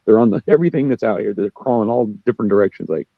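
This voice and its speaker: Fast, profane man ranting on a call. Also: expressive, gravelly, no room sound, narrow, tinny audio. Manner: profane, ranting, quick, jumps up in pitch when worked up. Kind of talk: casual chat.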